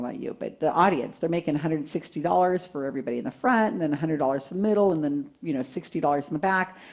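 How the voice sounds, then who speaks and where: A woman giving a live talk to a seated audience, telling a story in an animated way, laughing and acting out quotes. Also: low voice. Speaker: conference speaker.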